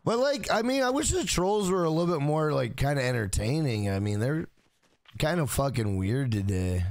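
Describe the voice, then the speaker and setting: On a game stream, a man chats casually with his viewers, joking and swearing freely. His voice is on the high side and sing-song, at normal speed, with no echo.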